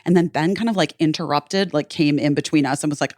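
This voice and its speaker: A woman's voice: low voice, steady tone, quick pace, hardly any pauses, a little mellow, dry recording, clean studio sound. A woman in her forties hosting a podcast, telling a story in casual chat, full of "like" and swearing freely. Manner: chatty, heavy on "like", swears freely. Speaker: podcast host.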